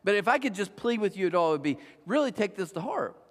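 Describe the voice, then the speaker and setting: A man's voice: high-pitched, sing-song, fast. A middle-aged man, a pastor, giving a chatty sermon full of stories and self-mocking humor, talking straight to his listeners. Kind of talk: conversational sermon. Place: church auditorium. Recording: long church-hall reverb.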